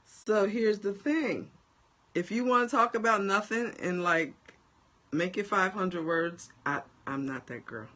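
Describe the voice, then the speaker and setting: A life coach from New Jersey, carrying a New Jersey accent, chats bluntly with her livestream viewers. She has a medium-pitched voice and talks a little slowly. Animated and direct, she laughs frequently while addressing them.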